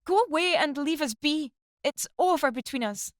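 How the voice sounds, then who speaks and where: A woman voicing a young wife who screams at her husband in a shrill, high voice. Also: animated, normal speed, no echo, studio quality. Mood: screaming. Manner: shrill, screeching, high-pitched.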